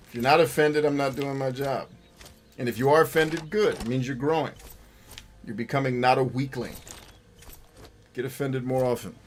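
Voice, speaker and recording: A man's voice: medium pitch, a little hiss or hum. A man hosting a gaming livestream, ranting bluntly and with swearing while reading chat messages aloud. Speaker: gaming show host. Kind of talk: livestream gameplay commentary and chat.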